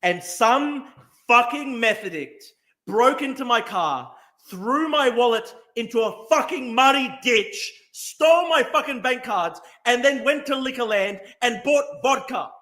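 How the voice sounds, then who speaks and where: A young man hosting a live stream, shouting and swearing through a furious rant. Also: very high-pitched, animated, measured pace. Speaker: streamer host. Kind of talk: angry ranting live stream.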